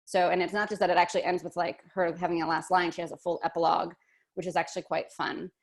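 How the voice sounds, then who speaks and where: A woman's voice: fairly low pitch, flat delivery, quick pace, creaky. Chatty woman teaching a workshop lesson. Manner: chatty, thinks aloud with fillers and restarts.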